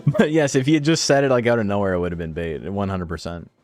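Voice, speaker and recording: A man's voice: lowish voice, fast, darkish tone. A young man streaming from home, chatting casually and ranting about his viewers, swearing often. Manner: ranting, swears a lot, quotes chat in mocking voices. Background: faint background music.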